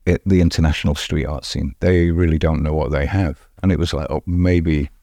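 A man's voice: rumbling low, fairly even intonation, fairly quick, mellow, dry recording, clean studio sound. A middle-aged man, answering in a podcast interview, emphatic and often repeating words as he restarts. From England. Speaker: street art festival founder.

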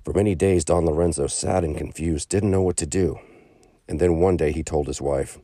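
A man reading a children's story aloud in a calm narrating voice, raising his pitch for the quoted characters. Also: moderate pace, dry recording, studio quality.

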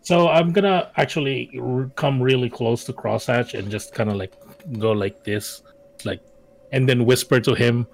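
A man playing a tabletop game, chatty and halting, with frequent laughs as he describes his actions. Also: medium pitch, vocal fry, low-quality recording. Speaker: player. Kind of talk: casual tabletop play.

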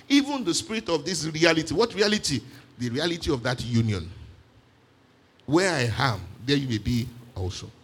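A man preaching a sermon in an animated way, with frequent exclamations of praise. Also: fairly high pitch, slightly rough.

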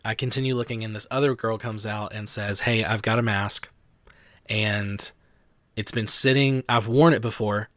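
A young man, co-hosting a podcast and telling stories in a chatty, animated way. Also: medium pitch, no room sound. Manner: chatty storyteller, animated quotes, frequent "like". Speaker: podcast host. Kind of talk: casual chat.

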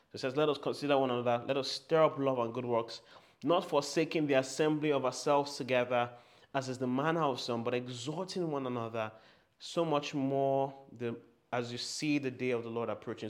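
A man preaching a sermon and leading the listeners in spoken declarations. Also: mid-range voice. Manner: leads call-and-response declarations, growing loud and fervent.

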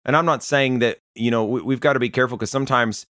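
A man's voice: medium pitch, steady tone, fast, a bit bright, dry recording, studio quality. A man, a pastor, preaching a sermon in a conversational, storytelling way. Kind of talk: sermon to listeners.

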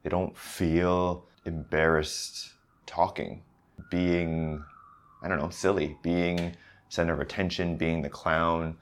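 A man's voice: deep voice, level tone, slow pace. A man who works as an accent coach, talking through pronunciation practice in a conversational way, often restarting and asking "right?". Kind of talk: casual instructional talk.

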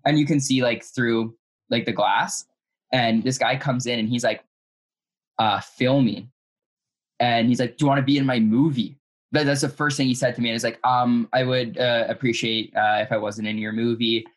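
A young male podcast guest recounts a story with plenty of ums and restarts. His voice sits at an ordinary middle pitch, and the delivery stays relaxed and conversational. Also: moderate pace. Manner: hesitant, many fillers. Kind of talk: casual storytelling chat.

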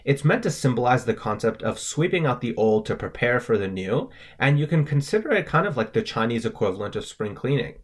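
A man's voice: mid-range voice, sing-song, brisk, hardly any pauses, breathy edge. A man co-hosting a language lesson, explaining word by word and spelling out the tones in a methodical, scripted way.

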